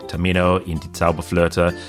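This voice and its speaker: An Australian man hosts a casual podcast in a very low voice. He chats and tells stories with animation, and faint music plays under his talk. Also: completely flat delivery, moderate pace. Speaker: podcast co-host.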